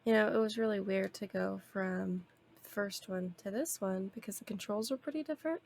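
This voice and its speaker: A woman's voice: medium pitch, fairly quick, gravelly, darkish tone, slight background noise. A young woman streaming a video game, chatting casually in a rambling way and laughing often.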